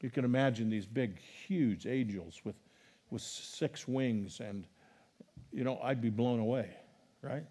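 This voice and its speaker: A middle-aged pastor preaches in a mid-range voice, a little slowly, reading scripture with building emphasis. His preaching is animated, growing loud on the scripture quotes, and between passages he chats with the congregation.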